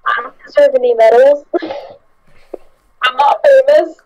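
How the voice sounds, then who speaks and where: A woman chatting casually on a group podcast, hesitant and giggly, with many pauses and ums. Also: sits high, no room sound, lo-fi sound. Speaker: podcast guest.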